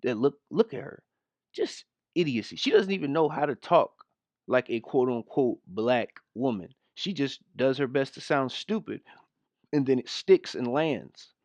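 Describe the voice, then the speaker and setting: A man's voice: mid-range voice, expressive, a little slow, a little mellow, no room sound. Scornful man with a dry close sound. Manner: scornful, mocking, mimics voices. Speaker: commentary host. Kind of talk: reaction commentary on a clip.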